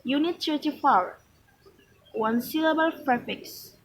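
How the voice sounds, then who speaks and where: A woman reading a pronunciation lesson aloud from a textbook, slow and careful, with restarts and small slips. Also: high voice, a little hiss or hum, low-quality recording. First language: Malay.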